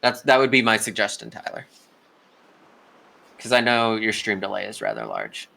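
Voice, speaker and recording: A man's voice: fairly low pitch, wildly swooping pitch, normal speed, vocal fry, bright, forceful tone. A young man giving casual live play-by-play commentary on a video game golf tournament, chatty and talking straight to the players.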